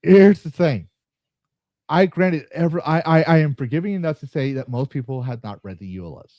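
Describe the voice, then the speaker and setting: A man's voice: fairly high pitch, moderate pace, darkish tone, no echo. A man hosting a gaming podcast, ranting angrily and swearing, with frequent repeats and restarts. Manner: angry, swearing, repeating himself. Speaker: podcast host and streamer. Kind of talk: heated podcast rant.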